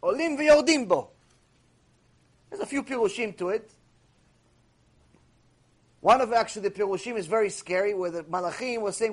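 Guy teaching a torah class, high voice, animated and repeating himself. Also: normal speed, long pauses. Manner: animated, repetitive, acts out quoted voices. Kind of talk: recorded mussar lecture.

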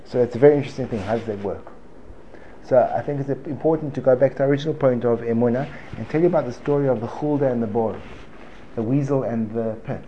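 A man's voice: medium pitch, fast talker. Joking, rambling man teaching a class. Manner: joking, digressive, repeats himself. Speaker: Torah teacher. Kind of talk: informal Torah class. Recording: dull lo-fi recording with faint room noise.

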